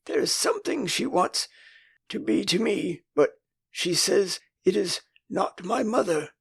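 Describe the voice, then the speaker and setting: A man's voice: high voice, expressive, a little slow, vocal fry, breathy edge, dry recording, pitched above the performer's own voice, heavily acted. An older man with an English accent voicing a boyish, puzzled boy who won't grow up in a storybook audiobook.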